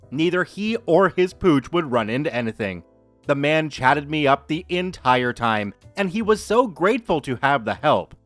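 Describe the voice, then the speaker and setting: A man hosting a story podcast, reading listener posts aloud in a lively, expressive way. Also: on the high side, no room sound. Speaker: podcast host reading stories. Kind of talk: narrating Reddit stories.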